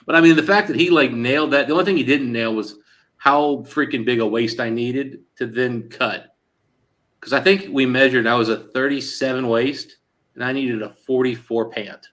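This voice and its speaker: A man hosting a casual chat show, telling an anecdote and quoting others in lively back-and-forth with lots of "like" and "he goes". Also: medium pitch, moderate pace. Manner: animated storyteller quoting others in dialogue; frequent fillers like "like" and "he goes". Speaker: show host.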